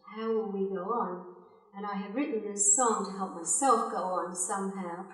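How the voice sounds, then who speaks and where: A woman's voice: mid-range voice, moderate pace. An older woman, a singer and music teacher, chatting and laughing as she tells stories between songs at a concert. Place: concert hall. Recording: echoey hall, mic from far off.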